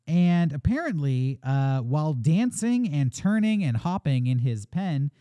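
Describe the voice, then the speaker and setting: A man's voice: a little high, very animated, measured pace, warm tone, clear, resonant tone, no echo, studio quality. A man hosting a podcast, telling a story in a chatty, joking way with lots of ums and uhs. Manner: chatty and jokey, with many fillers. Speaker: podcast host.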